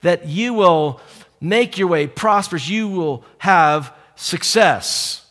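A middle-aged man preaching a sermon, telling stories and moving from hushed asides to emphatic calls. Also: high-pitched, animated, slow pace, in a large hall. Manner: storytelling, shifts from hushed to emphatic.

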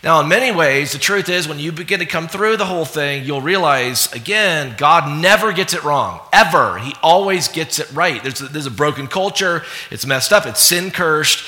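A man delivers a sermon with an animated, playful manner, breaking into acted voices and laughter. His voice is bright and slightly high for a man. It rings with the long reverb of a large church hall. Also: moderate pace, hardly any pauses. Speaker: pastor.

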